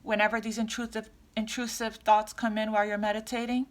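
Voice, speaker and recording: A woman's voice: fairly high pitch, little pitch movement, brisk. A woman tarot reader speaking casually to her viewers, rambling with many restarts and fillers.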